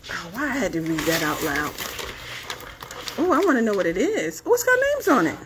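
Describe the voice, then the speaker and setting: A woman's voice: on the low side, wildly swooping pitch, a little fast, noisy background. A woman co-hosting a family cooking vlog, teasing her partner and reading viewer comments aloud. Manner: teasing, reads out live chat comments. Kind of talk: casual family vlog chat.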